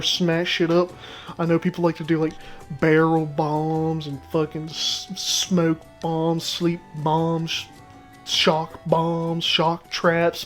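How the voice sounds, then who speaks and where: Brief: casual, crude gaming commentator, self-deprecating, medium pitch. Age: young adult. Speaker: gaming channel host. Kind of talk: casual let's-play commentary.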